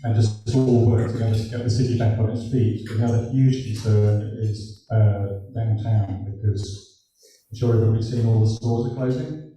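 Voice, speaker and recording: An English man speaking informally at a club meeting as a city council candidate, halting and filling pauses with um and uh. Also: fairly low pitch, fairly even intonation, dark tone, a little hiss or hum. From England. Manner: halting, with many ums and uhs. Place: meeting room. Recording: roomy hall, voice from far off the mic.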